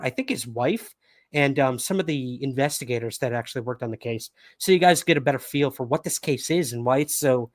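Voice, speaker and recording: A man's voice: mid-range voice, no echo. Chatty male livestream host, dry sound. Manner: casual, chatty, with fillers and laughs. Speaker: podcast host. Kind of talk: livestream news chat.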